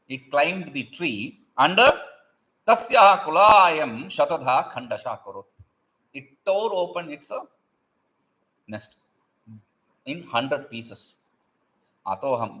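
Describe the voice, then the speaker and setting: Man, teacher, recites verses then explains, lively pitch, bright tone. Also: poor audio. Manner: frequent fillers and self-corrections. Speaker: Sanskrit teacher. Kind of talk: line-by-line text explanation.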